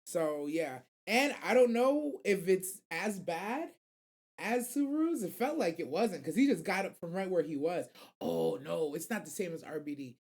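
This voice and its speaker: A woman hosting a casual anime radio show, animated and slangy, rambling and swearing freely. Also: on the low side, normal speed. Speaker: host.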